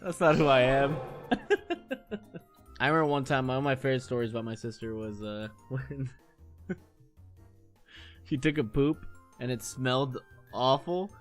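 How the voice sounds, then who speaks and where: A man's voice: mid-range voice, moderate pace, long pauses, faint music behind. A man in his late thirties, a streamer telling crude, rambling stories from his childhood to his chat and laughing along as he goes. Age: 30s. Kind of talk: casual storytelling chat.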